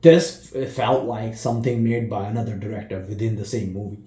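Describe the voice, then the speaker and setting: Rambling man with a very dark voice. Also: on the low side, steady tone, fairly quick. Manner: rambling, with frequent restarts and laughter. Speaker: movie reviewer. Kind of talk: casual spoken review. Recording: roomy echo.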